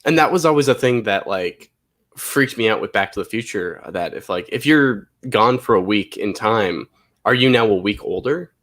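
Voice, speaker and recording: A man's voice: fairly low pitch, animated, moderate pace, a bit bright. A man hosting a casual movie watch-along stream, laid-back and rambling, full of "like.". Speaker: podcast host.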